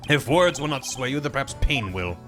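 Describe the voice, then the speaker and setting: A man's voice: mid-range voice, animated, a little fast, music in the background, lightly acted. A man putting on a cold, scornful young prosecutor.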